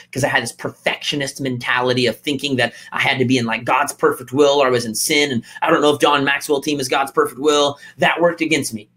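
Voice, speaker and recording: A man's voice: a little high, a bit bright. A man coaching his audience in a motivational talk. He is emphatic, repeats his key lines and acts out the doubts of the people he coaches.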